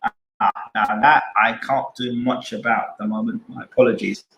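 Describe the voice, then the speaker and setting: A man's voice: mid-range voice, fairly even intonation, moderate pace, gravelly, a bit bright, echoey room, rough recording. A man hosting a boxing channel live stream, arguing his points with repeated rhetorical questions and answering chat.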